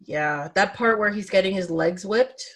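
A woman co-hosting a casual movie chat, talkative and laughing often, dropping into quiet asides. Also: mid-range voice, normal speed. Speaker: podcast co-host.

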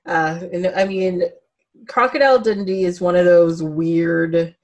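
A woman with a lowish voice in a relaxed movie conversation. She talks freely and laughs easily. Her voice often fades into soft, muttered asides. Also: unhurried. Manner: chatty, laughs often, trails off into quiet asides. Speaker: podcast co-host. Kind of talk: casual chat about movies.

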